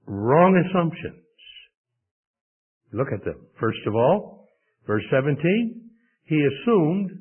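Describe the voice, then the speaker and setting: Man, preacher, emphatic sermon, lively pitch, tinny narrow sound. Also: breathy edge. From United States. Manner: emphatic, with rhetorical questions.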